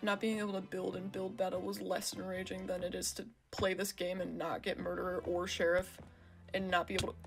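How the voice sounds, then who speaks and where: A woman's voice: fairly low pitch, level tone, fairly quick, vocal fry. A woman playing horror video games with joking commentary, often yelping and exclaiming when startled. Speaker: gaming YouTuber. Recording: game music behind the voice.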